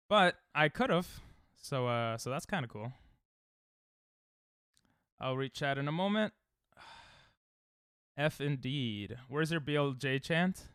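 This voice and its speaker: Here a young man livestreams a speedrun, talking loosely with his audience in a self-deprecating, meandering way and often starting sentences over. His mid-range voice is a bit bright, clear and resonant, captured in clean studio sound with no echo.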